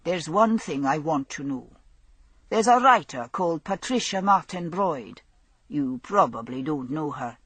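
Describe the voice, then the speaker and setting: A woman voicing a friendly, shrewd male village constable, who speaks in a calm, coaxing way. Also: deep voice, a little slow, slightly rough, no echo, exaggerated voice.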